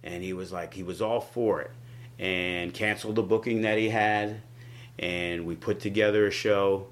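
A man, a wrestling promoter, telling stories in a casual interview, acting out quotes with big jumps in his voice. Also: moderate pace. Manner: animated, acts out quotes with big pitch jumps.

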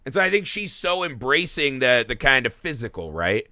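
A man's voice: medium pitch, normal speed, no echo, studio quality. A man in a casual film discussion, telling stories with plenty of swearing. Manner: animated storyteller, swears freely. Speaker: podcast co-host.

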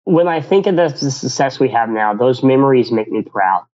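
A man's voice: mid-range voice, animated, moderate pace, darkish tone, lo-fi sound. A man, a business owner, telling stories in a casual radio interview, rambling with many restarts and acting out quotes.

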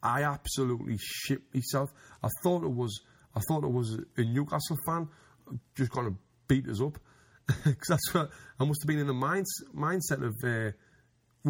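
A man's voice: mid-range voice, normal speed, slightly rough. A man telling a rambling anecdote in casual chat, restarting often and laughing as he goes. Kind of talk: casual storytelling.

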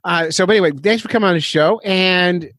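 A man's voice: high-pitched, quick pace, fairly bright tone, dry recording. Man, podcast host, casual rambling chat, self-deprecating, chuckles, dry close sound.

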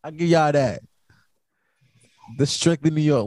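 Young guy hosting a chill late night podcast, mellow voice, rambles and drops slang, dry sound. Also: a little high, a little slow, no echo. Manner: laid-back, rambling, slangy. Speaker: podcast host.

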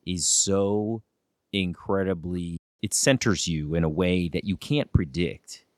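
A man hosting an interview talks in a reflective, heartfelt manner. His voice is very deep, and the sound is dry and close. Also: slow pace, darkish tone, dry recording. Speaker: host. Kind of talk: casual interview conversation.

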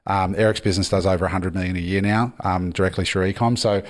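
A man's voice: sits low, steady tone, quick pace. A man hosting a podcast interview, steering with questions. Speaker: podcast host. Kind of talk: casual interview.

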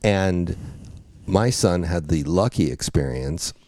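A man's voice: low voice, expressive, takes it slowly, darkish tone, no echo. A middle-aged man, once a teacher, telling stories in a casual chat and laughing often.

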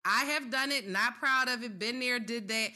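A woman's voice: a little high, normal speed, pushed and bright. A woman co-hosting a talk show, ranting in heated, profane gossip commentary. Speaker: podcast co-host.

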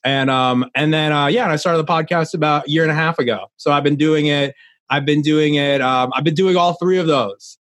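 A man's voice: on the high side, brisk, a bit bright, dry recording. A young adult man, a podcast guest, talking earnestly in a casual interview, rambling with many restarts.

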